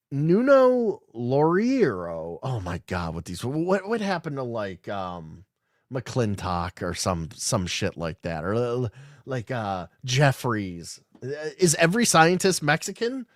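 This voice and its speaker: A man hosting a casual livestream podcast, reading articles aloud and breaking off to riff on them. His talk is irreverent and laced with swearing. His voice sits at an ordinary middle pitch and sounds dry and close, with no room around it. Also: no room sound. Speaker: podcast host.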